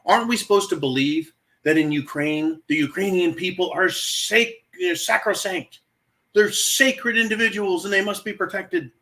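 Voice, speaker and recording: A man's voice: high voice, normal speed, sharp tone, low-quality recording. Exasperated man hosting a monologue. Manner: exasperated, emphatic, addresses viewers as folks. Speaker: channel host. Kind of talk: casual opinion monologue.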